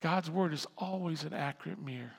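Man, pastor preaching a sermon, high gravelly voice, animated delivery that climbs to loud emphasis, long hall reverb. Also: fairly quick.

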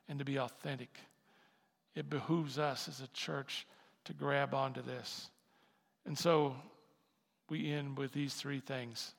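A man preaching a sermon as pastor, impassioned and building to loud emphatic peaks. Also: mid-range voice, level tone, moderate pace, gravelly. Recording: long hall reverb.

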